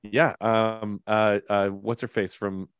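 A man co-hosting a holiday podcast, reacting with quick enthusiastic remarks in casual chat. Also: fairly low pitch, little pitch movement, clean tone, no echo, studio quality. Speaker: podcast co-host. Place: studio.

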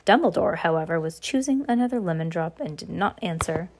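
A woman reading a novel aloud in a steady manner, with occasional restarts. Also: fairly low pitch, brisk, slight background noise. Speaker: reader.

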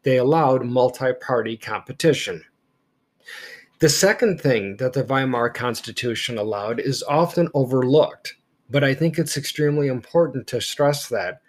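Male history teacher, deliberate lecture delivery, stresses important words. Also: medium pitch. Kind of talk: lecture-style podcast.

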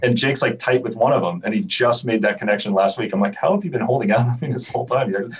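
Man, podcast guest, rapid and animated, husky, heard on a dull, faraway remote line. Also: medium pitch. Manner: animated storyteller, many restarts. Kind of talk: casual chat. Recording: dull, distant remote audio.

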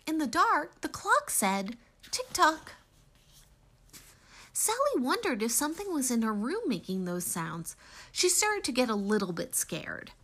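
A woman's voice: fairly high pitch, moderate pace. Woman reading a children's storybook. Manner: gentle, expressive reading. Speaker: narrator. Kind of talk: children's storybook read-aloud.

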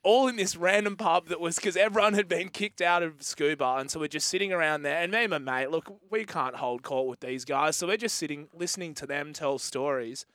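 A man's voice: fairly high pitch, fairly quick, few pauses, a bit bright, no room sound. A man co-hosting a sports radio show, telling a rambling anecdote with laughs in a studio. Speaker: radio co-host. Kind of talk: casual sports radio chat.

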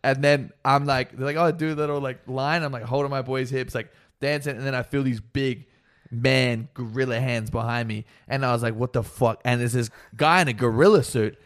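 A man's voice: medium pitch, steady tone, a little fast. A young man on a podcast, telling crude stories with brash energy and acting out quotes. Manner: brash storytelling, acts out quotes. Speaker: podcast co-host. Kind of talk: crude casual chat.

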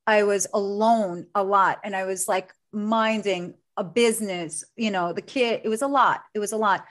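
A woman's voice: medium pitch, steady tone, normal speed, a bit bright. A middle-aged woman, a coach, talking earnestly and from the heart about her work and family in an interview. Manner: earnest, heartfelt, speaks with conviction. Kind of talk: emotional interview conversation.

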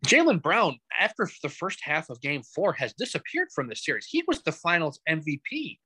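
A man co-hosting a podcast, chatting casually about sports with animated, joking stories. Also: fairly high pitch, moderate pace, husky, no echo, poor audio. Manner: animated storytelling with joking asides. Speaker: podcast co-host.

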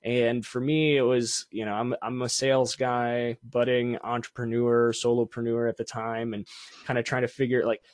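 A man's voice: medium pitch, little pitch movement, moderate pace, a little mellow, no echo. A young adult man, a sales coach and entrepreneur, talking casually as a podcast guest, chatty and self-deprecating, laughing often and restarting sentences. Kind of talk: casual interview conversation.

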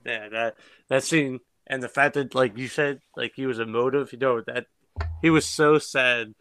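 A man co-hosting a podcast, excitedly retelling movie scenes in loose slang. His voice is bright and crisp, recorded close and dry with no room sound. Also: medium pitch, normal speed, no room sound. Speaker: podcast co-host. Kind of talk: casual movie review chat.

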